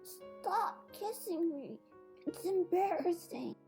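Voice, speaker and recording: A man voicing a small, sick boy turtle prince who sounds weak, croaky and muffled, with a plaintive manner. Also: very high voice, animated, slow, darkish tone, faint music behind, pitched above the performer's own voice, exaggerated voice. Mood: whiny.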